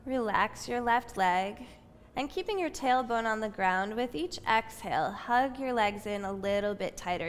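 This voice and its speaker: A woman guiding a yoga session in a slow, soothing voice with gentle, steady instructions. Her words trail off into a long reverb from a spacious room, with faint ambience underneath. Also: mid-range voice, slight background noise. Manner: calm, soothing, unhurried cues. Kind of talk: guided yoga class instruction.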